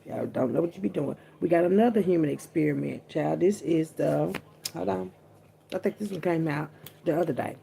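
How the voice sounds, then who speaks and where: A woman vlogger holds forth in a loose, rambling monologue, cursing freely and leaning hard on drawn-out words. Her voice has a gravelly, fry-laden edge, and its tone is dark and mellow. She keeps tossing in little asides as she talks. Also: low-pitched. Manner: profane, animated, drawn-out emphasis, frequent asides. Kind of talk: casual rambling monologue to camera.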